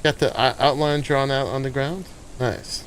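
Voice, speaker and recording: A man's voice: medium pitch, moderate pace, a little hiss or hum. A man hosting a gaming channel, casually talking through his gameplay and thinking aloud as he builds. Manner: relaxed, thinking aloud while playing.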